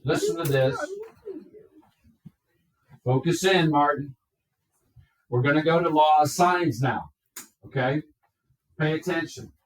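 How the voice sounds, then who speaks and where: A man teaching a math class, explaining step by step and checking in with his students. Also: a little high. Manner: slow, step-by-step, checks in with "okay?". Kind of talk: classroom lecture. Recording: echoey classroom from far off.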